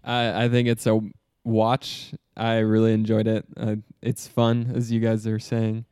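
A man co-hosting a casual movie podcast, giving brief, measured remarks. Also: lowish voice, monotone, darkish tone, smooth, no echo, clean studio sound. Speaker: podcast co-host.

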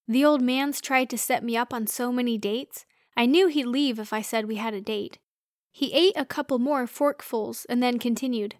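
A woman reads a first-person story aloud with earnest expression. Her voice sits fairly high, and the recording is dry and close. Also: moderate pace, dry recording. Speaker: narrator.

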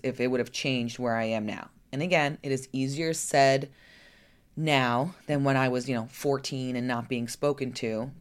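Smooth and rumbling low, this female voice belongs to a lifestyle coach sharing openly in her personal vlog. She keeps it frank and conversational, with the odd curse word and rhetorical "right?"

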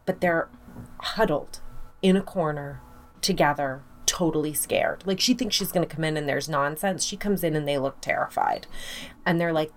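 A woman's voice: low voice, normal speed. A woman co-hosting a podcast, casually telling a ghost story in a playful, emphatic way with frequent laughs. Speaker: podcast co-host.

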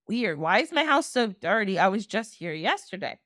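Woman doing a bewildered man just woken from a twenty-year sleep, lively exclaiming storyteller voice, dry close sound. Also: medium pitch, moderate pace, no room sound. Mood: puzzled. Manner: baffled, exclaiming. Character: confused bewildered man waking after twenty years.

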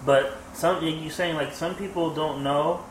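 A man's voice: on the high side, fairly even intonation, a little slow. A man co-hosting a podcast in casual chat, reflective and agreeable, often affirming others. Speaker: podcast co-host. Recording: echoey room with faint noise.

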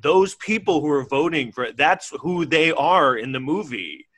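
A man's voice: on the high side, lively intonation, normal speed, fairly bright tone. A man in casual chat, ranting and swearing in exasperation.

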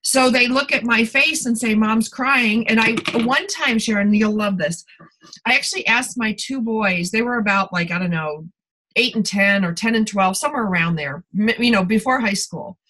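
A woman's voice: fairly high pitch, moderate pace, poor audio. A middle-aged woman in casual conversation, telling personal stories candidly in a confiding way. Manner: candid storytelling, warm confiding tone.

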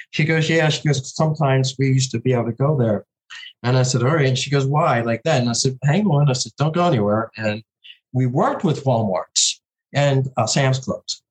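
Animated and conversational, a man who runs a veterans' charity fund recounts a story and performs the people he quotes, raising his voice for the callers. He speaks at medium pitch, heard through poor audio.

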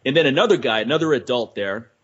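A man's voice: medium pitch, expressive, fast talker, fairly bright tone, breathy edge. A man hosting a podcast, telling stories bluntly and laughing between points. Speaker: podcast host. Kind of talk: casual podcast chat. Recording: dull lo-fi audio.

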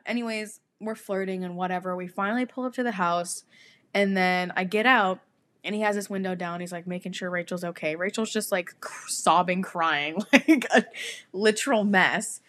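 With a mid-range voice at an ordinary pace, a young woman co-hosting a podcast tells an animated story in casual chat, full of free swearing and frequent laughs.

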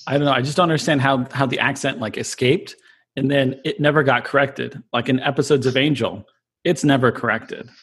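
A man's voice: mid-range voice, steady tone, fairly quick, fairly bright tone, slightly rough. A man co-hosting a podcast in casual chat, often laughing and restarting his sentences. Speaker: podcast co-host.

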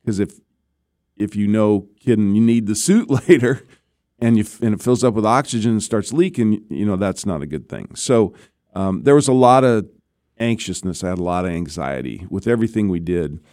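A man's voice: on the low side, expressive, moderate pace, darkish tone, no room sound, clean studio sound. A man, a former astronaut, telling stories in an interview in a conversational way, often checking in with the listener. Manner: conversational, keeps checking in with "right?". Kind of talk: interview storytelling.

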